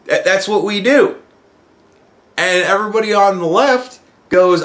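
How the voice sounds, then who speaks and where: A man's voice: sits high, measured pace, a bit bright. A man hosting a podcast who talks in a casual, profane monologue and acts out other people's replies. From United States. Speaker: podcast host.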